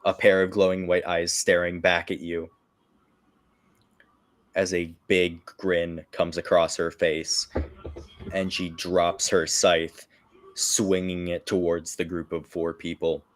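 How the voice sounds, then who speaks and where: A man narrating a tabletop game as game master, in slow, halting narration full of fillers. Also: deep voice, flat delivery.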